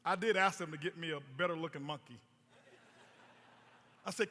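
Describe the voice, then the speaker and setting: At a moderate pace, a man with a fairly high, bright, pushed voice delivers a motivational talk about network marketing. He leans on storytelling, punchy repetition, and rhetorical questions, and the recording carries a long hall reverb.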